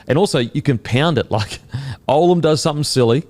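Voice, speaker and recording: A man with an Australian accent hosting a casual sports podcast, animated and swearing, full of fillers. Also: on the high side, brisk. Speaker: podcast host.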